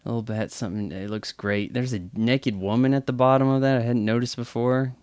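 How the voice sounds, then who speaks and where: A man's voice: medium pitch, fairly even intonation, brisk, a little mellow, clean tone, no room sound. A man giving casual movie commentary with chatty, wry asides. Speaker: film commentator.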